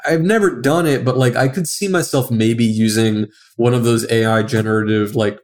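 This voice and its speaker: A man's voice: mid-range voice, moderate pace. A young adult man who is a guest comic artist, chatting casually on a podcast and rambling with a lot of filler words.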